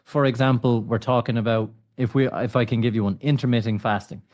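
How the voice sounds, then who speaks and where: A man's voice: mid-range voice, fairly even intonation, fairly quick, darkish tone. A man hosting a podcast, asking questions and teasing his guests. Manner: laughs along, teasing. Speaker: podcast host. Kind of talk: interview questions.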